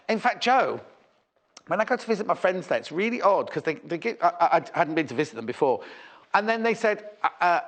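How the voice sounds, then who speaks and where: A British man with a fairly high voice hosts a live TV shopping slot. His pitch swings up and down constantly as he chats, rambles and sells with enthusiasm. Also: fairly bright tone. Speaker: shopping channel presenter. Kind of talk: live TV selling chat.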